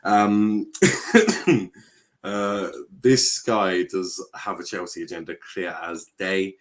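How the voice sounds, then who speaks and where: A man's voice: low-pitched, slow pace. A man hosting a casual football chat stream, laughing often and reading out viewer comments. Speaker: stream host.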